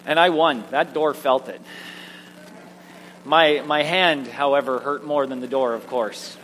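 A man preaching a sermon, telling personal stories in an animated, self-mocking way. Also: mid-range voice, measured pace. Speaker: pastor. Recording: echoey hall with faint hum.

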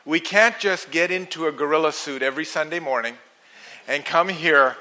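A middle-aged man preaching a sermon, telling stories in an animated way and laughing at his own jokes. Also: on the high side, moderate pace.

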